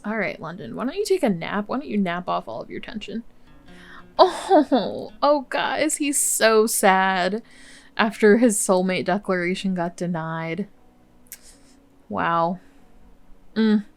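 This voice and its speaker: A woman's voice: on the low side, moderate pace, creaky, soft background music. A woman hosting a Let's Play, giving casual, chatty gameplay commentary full of exclamations and laughter.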